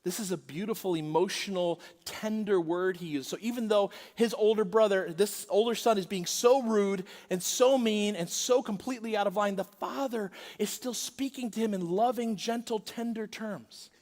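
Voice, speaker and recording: High-voiced pastor preaching in a reverberant hall. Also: male voice, moderate pace, few pauses. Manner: dramatic, swings from hushed to loud when acting out quotes. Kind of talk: sermon. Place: large church auditorium.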